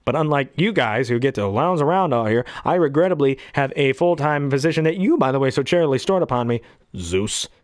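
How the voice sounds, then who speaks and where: A man doing a smarmy fast-talking villain god. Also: mid-range voice, expressive, no room sound, studio quality, natural voice. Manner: smooth, quick, glib patter.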